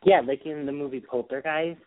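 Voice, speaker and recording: A man co-hosting a podcast in casual chat, expressive and quick to laugh. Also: fairly high pitch. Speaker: podcast co-host. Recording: tinny phone-like audio.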